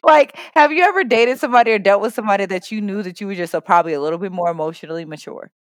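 Woman in her thirties, podcast co-host; mid-pitched, dry close sound, blunt and profane, hammers points by repeating herself. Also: racing, dry recording. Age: 30s. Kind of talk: casual podcast chat.

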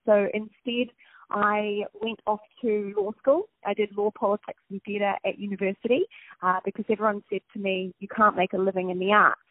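A woman's voice: medium pitch, steady tone, normal speed, no room sound. A woman from New Zealand with a New Zealand accent, a TV host chatting as a guest in a phone interview, bubbly and talkative. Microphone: telephone. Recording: dry tinny phone line.

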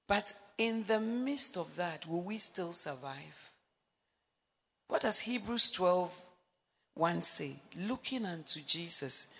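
A middle-aged woman preaching on marriage, telling a story with animated acted-out dialogue and bursts of laughter. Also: medium pitch. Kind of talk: sermon. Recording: long hall reverb.

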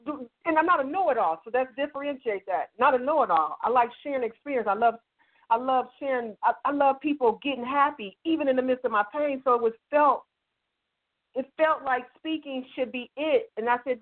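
A woman's voice: sits high, fairly quick. A woman guest author sharing candid personal testimony in an emphatic, heartfelt way over the phone. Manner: emphatic and heartfelt, quotes dialogue. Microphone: telephone call-in. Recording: tinny phone line.

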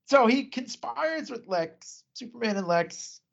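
A man's voice: very high voice, expressive, measured pace, vocal fry. A man co-hosting a casual podcast, rambling through a movie plot with fillers and asides. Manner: rambling recap with fillers and laughs. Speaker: podcast co-host. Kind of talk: casual film chat, recapping plot. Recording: dull lo-fi podcast audio.

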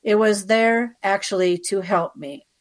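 A woman guest recounts her own experiences in a chatty, conversational way, full of fillers and asides. She keeps turning to the listener to check they are following. Her voice sits at an ordinary middle pitch. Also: unhurried. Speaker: interview guest. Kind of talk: personal storytelling.

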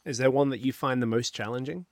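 A man's voice: mid-range voice, fairly even intonation, fast. A man interviewing a guest, asking friendly questions and nodding along with short replies. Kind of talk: casual interview chat.

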